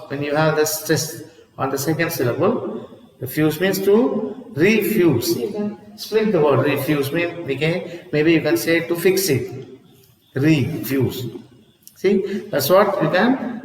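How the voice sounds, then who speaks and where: Man teaching, echoey and distant. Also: on the high side. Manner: repetitive, drills words aloud, frequent "see?" checks. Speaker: English teacher. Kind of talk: classroom lesson on word stress.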